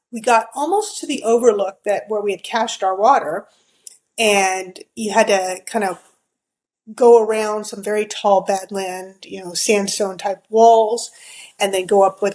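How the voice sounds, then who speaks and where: A woman's voice: medium pitch, low-quality recording. A middle-aged woman, a podcast guest, telling a story in a chatty way, full of fillers and acted-out quotes. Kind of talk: casual storytelling.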